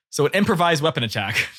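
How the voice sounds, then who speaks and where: A man joking with the group at a game table, his voice swinging lively up and down. He talks in a casual, easygoing way. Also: on the high side. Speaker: player.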